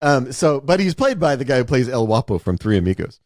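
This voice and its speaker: Man, podcast co-host, mid-pitched, casual film chat, dry close sound, restarts and acts out lines. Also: sing-song, brisk, dry recording. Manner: restarts sentences, acts out quotes. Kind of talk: casual movie discussion.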